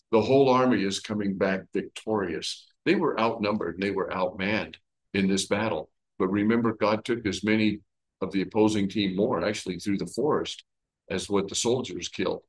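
A man leading a conversational Bible study, retelling the story with lively everyday comparisons. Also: lowish voice, poor audio. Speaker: Bible teacher.

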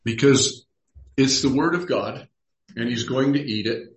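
A man's voice: medium pitch, unhurried. A man pastor teaching a Bible study in a conversational way, reading scripture aloud and acting out the dialogue. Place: church room. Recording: roomy echo.

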